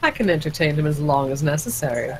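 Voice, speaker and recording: A woman's voice: sits low, lively intonation, quick pace, darkish tone, a little hiss or hum, rough recording. Woman doing a flirty demon lady, teasing, super sure of herself. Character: seductive female demon, teasing and confident.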